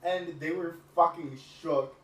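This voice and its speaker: A man's voice: fairly high pitch, steady tone, a bit bright, roomy sound, recorded from a distance, low-quality recording. Blunt co-host man with a light voice. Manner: blunt, sarcastic, deliberately light voice. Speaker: podcast co-host. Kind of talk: casual chat.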